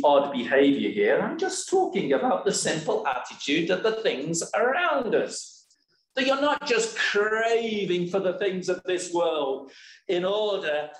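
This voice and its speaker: A man preaching a sermon in a church, slow and emphatic, often asking rhetorical questions. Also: a little high. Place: church hall. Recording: echoey church hall.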